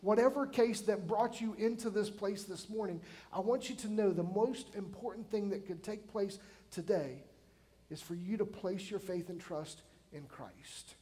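Pastor in his forties, light high voice, conversational sermon with emphatic bursts and questions to the room. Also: normal speed, mellow. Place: church sanctuary.

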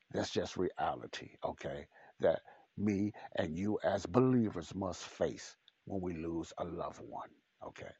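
A man's voice: deep voice, darkish tone, slightly rough, no room sound. A man preaching a podcast sermon, blunt and repetitive, speaking straight to the listener. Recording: dull, dry lo-fi recording.

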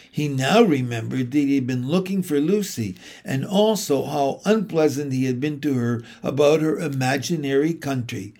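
A man reading a storybook aloud in a slow, measured and expressive way. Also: fairly high pitch. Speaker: narrator.

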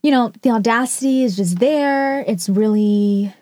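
A woman's voice: on the high side, measured pace, dark tone, no echo, clean studio sound. A woman rating and reacting to stories in casual commentary, blunt and sarcastic with frequent swearing. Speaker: storytime reactor.

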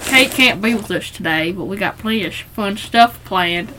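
A woman putting on a man's persona with an accent, speaking lower and quieter than her usual voice, on a noisy recording. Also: lively intonation, normal speed, distant mic. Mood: deadpan. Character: man named Richard, comedic persona with a put-on accent.

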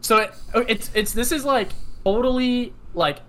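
A man's voice: extremely high pitch, measured pace, sharp tone. A young man co-hosting a podcast in casual chat, telling a story with many fillers and breaks into laughter. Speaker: podcast co-host.

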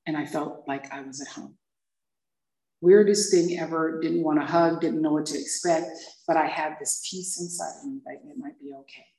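A woman's voice: sits low, moderate pace. A woman in her fifties from Hawaii, sharing her recovery story with a group and acting out the dialogue as she tells it. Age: 50s. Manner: lively storyteller acting out dialogue, laughing often. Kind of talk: personal testimony to a group. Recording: echoey room, far from the mic.

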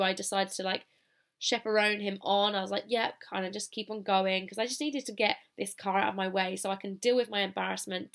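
A woman with a British accent talks through a personal story on her solo podcast, casual and self-deprecating. Her pitch sits in an ordinary middle range, and her phrasing is loose and conversational, with plenty of informal turns of phrase. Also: gravelly. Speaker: podcast host.

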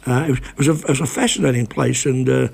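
An older man speaks as a guest in a relaxed conversation, his voice gravelly and a bit husky. He talks in halting bursts, often restarting and repeating words as he recalls his reporting days. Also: medium pitch. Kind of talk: casual radio conversation.

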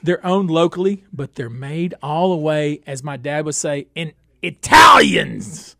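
A man hosting a comedic radio talk show, boisterous and jumping between loud bursts and low asides. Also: normal speed, no room sound, clean studio sound. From Northeast Texas.

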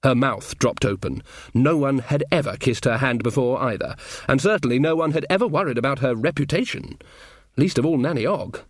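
Expressive male audiobook narrator. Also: mid-range voice, brisk, no room sound, clean studio sound.

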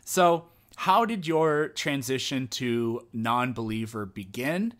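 A man's voice: medium pitch, animated, slow pace, a bit bright. A man hosting a casual podcast conversation, reflective and thinking aloud as he talks. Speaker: podcast host.

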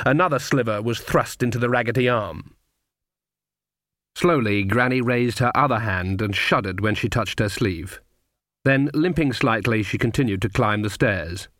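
Brief: male storyteller, measured and even, dry studio sound. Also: medium pitch, dry recording. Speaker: audiobook narrator. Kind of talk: scripted narration.

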